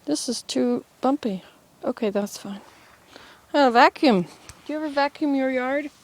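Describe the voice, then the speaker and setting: A woman's voice: high-pitched, a little slow. A woman vlogging casually from home and garden, chatting in a meandering way to the camera and to herself. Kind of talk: casual rambling vlog.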